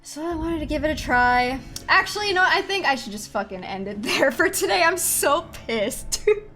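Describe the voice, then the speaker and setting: Young woman game streamer, higher voice, cusses and vents, game music clear behind her. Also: lively intonation, fairly quick, bright, forceful tone. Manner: swearing, exasperated venting. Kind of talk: casual live-stream commentary.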